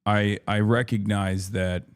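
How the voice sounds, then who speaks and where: A man's voice: lowish voice, flat delivery, slow, clean tone. A man hosting a livestream, ranting in frustrated, profane political commentary. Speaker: livestream host.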